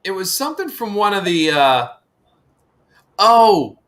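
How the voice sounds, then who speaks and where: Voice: medium pitch, sing-song, unhurried, a bit bright. A co-host in a casual live-stream chat, giggling through stories.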